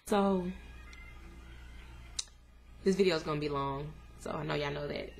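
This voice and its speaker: A young woman candidly telling her viewers a painful personal story, earnest and plain-spoken, her voice climbing high when she recalls her anger. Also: expressive, normal speed, gravelly, long pauses. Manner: casual, addresses viewers as y'all. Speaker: vlogger sharing a family update. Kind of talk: emotional personal storytelling to camera.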